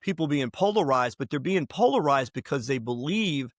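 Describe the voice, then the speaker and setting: An opinionated man holds forth as a podcast guest, mixing history anecdotes with strong views and plenty of restarts. His voice sits at an ordinary male pitch. The recording is close and dry, with no room echo. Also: animated, moderate pace. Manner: emphatic, opinionated, digressive with restarts. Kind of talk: conversational interview, storytelling.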